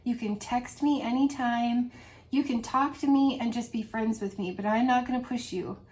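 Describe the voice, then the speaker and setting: A woman's voice: a little high, steady tone, normal speed, a little mellow. A woman vlogger with a grown daughter, talking earnestly and emotionally in a rambling heart-to-heart about selling home fragrance. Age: adult with a grown daughter. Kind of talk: casual heart-to-heart monologue.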